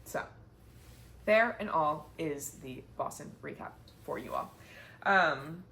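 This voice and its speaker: A woman's voice: deep voice, expressive, slow pace, vocal fry, sharp tone. A young woman talks to the camera in a casual sit-down chat, chatty and heartfelt, with lots of "like" fillers. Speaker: vlogger, marathon runner. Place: indoors, sitting down. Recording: faint background noise.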